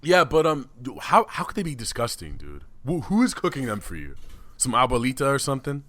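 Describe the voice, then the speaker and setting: A man's voice: mid-range voice, huge pitch swings, a little fast, fairly bright tone. Crude teasing male podcast co-host. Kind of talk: casual comedic chat.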